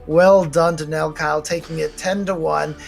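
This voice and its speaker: An American man commentating a fighting game tournament in a relaxed, chatty way, with lots of fillers. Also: on the high side, normal speed, vocal fry, soft background music. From United States. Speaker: esports commentator. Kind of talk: casual commentary.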